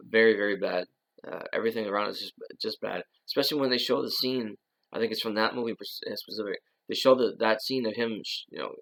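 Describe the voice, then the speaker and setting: A man's voice: lowish voice, a bit bright, poor audio. A man talking on his own in a loose, rambling monologue, full of "uh" and "you know" and restarted sentences. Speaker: channel host. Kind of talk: casual monologue.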